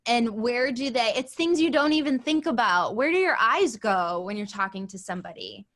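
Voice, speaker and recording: A woman teaching an acting class in a chatty, animated way, acting out lines as she explains. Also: on the high side, moderate pace. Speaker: acting coach.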